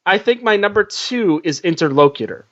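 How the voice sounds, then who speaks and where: A man's voice: high voice, animated, normal speed, a bit bright, highs cut off. A man hosting a comedy word game podcast, joking loosely, laughing and swearing. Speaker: host.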